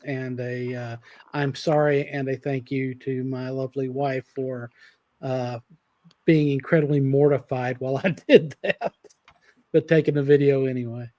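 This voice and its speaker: A man co-hosting a sports show, joking in a halting way. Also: mid-range voice, steady tone, darkish tone, no room sound.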